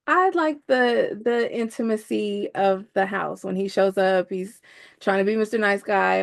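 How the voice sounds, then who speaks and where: Gravelly-voiced woman in playful book chat. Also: medium pitch. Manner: expressive, playful, quick quips. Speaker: book club co-host.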